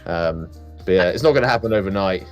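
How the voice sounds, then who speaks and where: Blunt, low-voiced man co-hosting a stream. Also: expressive, fast, soft background music. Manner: blunt, emphatic, swears freely. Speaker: stream co-host. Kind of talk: casual chat.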